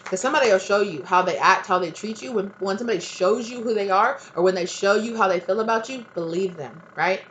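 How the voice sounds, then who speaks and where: A woman's voice: mid-range voice, fast talker, hardly any pauses, a bit bright, slight background noise, rough recording. A woman giving a tarot reading in a casual, blunt, emphatic monologue. She swears freely and keeps asking the viewer "right?". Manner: talks straight to the viewer, often adds "right?". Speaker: tarot reader. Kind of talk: casual spiritual advice monologue.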